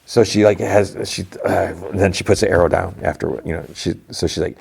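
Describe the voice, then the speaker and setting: A man's voice: low voice, fairly even intonation, brisk, vocal fry, a little mellow, slightly rough. A man hosting a podcast, recapping a TV episode in a loose, rambling way. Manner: loose and rambling, lots of "like" and restarts. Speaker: podcast host.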